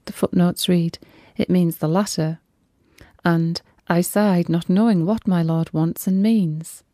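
A woman reads devotional messages at a very slow, unhurried pace. Her tone is mellow and reverent. The recording is dry and close, with no room sound. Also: on the low side, fairly even intonation, dry recording. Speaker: reader of religious messages.

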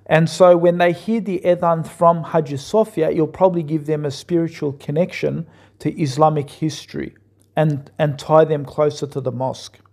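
A man commentating on a clip, pausing it to argue his points earnestly and repeating himself for emphasis. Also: fairly high pitch, fairly even intonation, gravelly, darkish tone. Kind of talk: reaction commentary.

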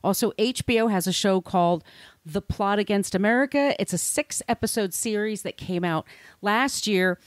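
A woman's voice: mid-range voice, moderate pace, no echo. Brief: irreverent woman podcast host, casual chat, cursing, dry recording. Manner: chatty, irreverent, swears casually.

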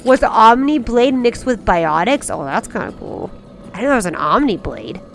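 A woman's voice: fairly high pitch, sing-song, normal speed, slight background noise. A young woman streaming a video game, bubbly and playful, gasping and chattering with her viewers as she plays. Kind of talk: live game streaming chat. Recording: faint game music under voice.

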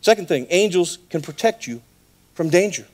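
High-voiced animated preacher. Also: male voice, moderate pace. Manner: animated storytelling with acted voices. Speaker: pastor. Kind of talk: sermon. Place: church.

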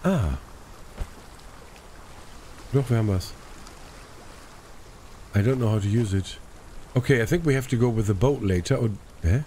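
A man's voice: mid-range voice, moderate pace, long pauses, warm tone, a little hiss or hum. A man giving casual let's play commentary, chatty and muttering asides to himself.

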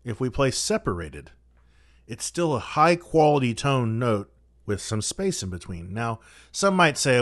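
A man's voice: medium pitch, very animated, measured pace, a bit bright, no echo, clean studio sound. A man teaching trombone in a practice guide, giving methodical, direct advice to his students.

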